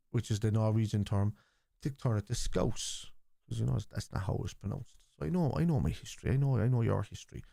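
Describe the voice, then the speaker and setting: Irish man, live stream host, low voice, dry close sound, rambling and argumentative. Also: warm tone, no echo. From Ireland. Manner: argumentative, rambling lecture with many restarts. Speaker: streamer hosting a football watchalong. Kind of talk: live stream chat, answering viewers.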